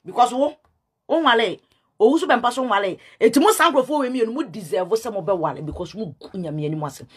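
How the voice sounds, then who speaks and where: A woman's voice: on the high side, expressive, brisk, slightly rough. Ghanaian woman in a scolding rant. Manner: scolding, repetitive, mixes in English. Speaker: self-styled prophetess. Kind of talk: heated rant to camera.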